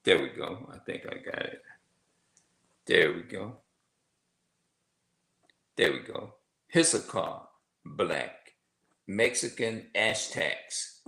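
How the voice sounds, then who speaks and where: Deep-voiced man preaching in an echoey room. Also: expressive, gravelly, pushed and bright. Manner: halting, repeats words, reads aloud from notes. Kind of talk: informal religious teaching.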